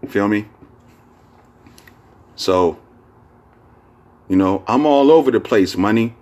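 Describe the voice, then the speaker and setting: Deep-voiced rambling podcast man. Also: animated, slow pace, a little mellow. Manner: rambling, full of fillers and restarts, profane. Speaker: podcast host. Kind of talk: casual podcast monologue.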